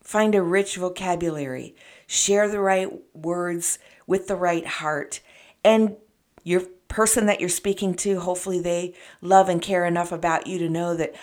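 Lowish-voiced woman talking relationships, earnest and encouraging, chatting right to viewers. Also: steady tone, a little slow, darkish tone. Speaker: relationship advice presenter. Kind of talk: advice talk to camera.

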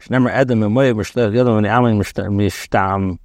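Rabbi reading and translating, dry sound. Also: male voice, on the low side, steady tone, moderate pace, a little mellow, no echo. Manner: reads a phrase, then translates it, with frequent ums and self-corrections. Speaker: rabbi teaching a daily Torah class. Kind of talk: reading and translating Hebrew text line by line.

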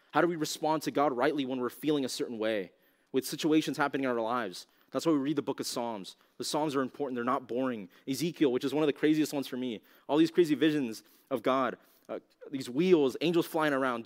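A male youth pastor gives a teaching talk to young listeners. His voice sits at an ordinary middle pitch, and he speaks loosely and conversationally, often saying "like" and tossing out rhetorical questions. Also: a little mellow. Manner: casual, conversational, heavy use of "like"; asks the audience rhetorical questions.

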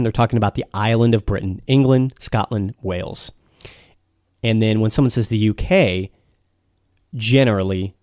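A man's voice: fairly low pitch, a little mellow, no echo, studio quality. An American man explaining things patiently in a casual chat, with frequent restarts. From United States.

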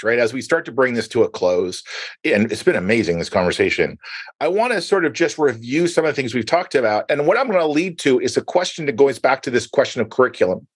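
A man's voice: mid-range voice, breathy edge, no room sound. A man hosting a conversational interview podcast, telling stories and asking long framing questions. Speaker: podcast host.

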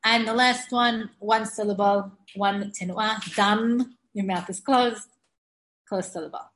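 A woman giving an informal Hebrew grammar lesson, chatty and given to laughing, slowing down to spell out example words. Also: mid-range voice, fairly even intonation, fairly bright tone, echoey room.

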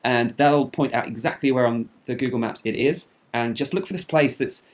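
A man's voice: mid-range voice, moderate pace. Chatty man telling travel stories. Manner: chatty, jokey storytelling. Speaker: podcast co-host. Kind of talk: casual chat.

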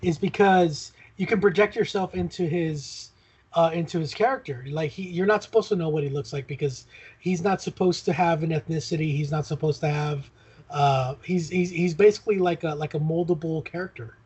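A man co-hosting a podcast talks in loose, casual chat, halting and restarting often. His voice is husky and fairly high for a man. The recording sounds dull and lo-fi. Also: fairly even intonation, darkish tone. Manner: hesitant, many fillers and restarts. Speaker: podcast co-host.

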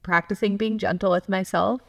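A woman's voice: mid-range voice, fairly even intonation, normal speed, creaky. A woman co-hosting a podcast in casual chat, talking candidly and swearing freely as her voice swings up and down. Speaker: podcast co-host.

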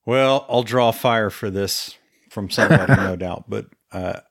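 Low-voiced, frank male podcaster. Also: measured pace, gravelly, fairly bright tone, no room sound, studio quality. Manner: candid, opinionated, with frequent hesitations. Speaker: podcast co-host. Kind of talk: casual book discussion.

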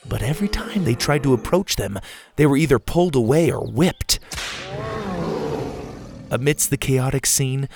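A man giving scripted storybook narration in an even, clear storytelling delivery on a close studio mic. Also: mid-range voice, slight background noise. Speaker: audiobook narrator.

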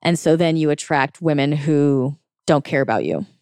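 A blunt woman relationship coach talks through advice in a loose, chatty monologue. Her voice sits on the low side and sounds smooth and clear, recorded dry with no room sound. She laughs often and acts out the reactions she quotes. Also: normal speed, darkish tone, no echo. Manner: frank and blunt, with occasional swearing.

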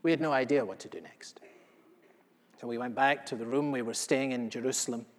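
A male pastor playing the apostle John in a first-person sermon, telling what he saw with earnest feeling, moving between hushed and loud passages. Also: medium pitch, steady tone, brisk, natural voice. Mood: confiding. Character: the elderly apostle John, solemn eyewitness. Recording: long reverb of a large hall.

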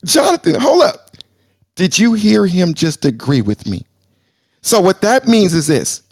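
A man's voice: sits high, husky, dry recording, studio quality. Combative man debating on a talk show. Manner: loud and combative, then deliberately calming down. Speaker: show co-host.

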